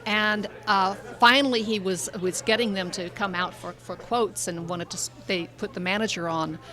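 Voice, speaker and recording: A woman co-hosting a podcast, brisk and dry, with self-deprecating humor. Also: medium pitch, steady tone, sharp tone. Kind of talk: casual panel chat.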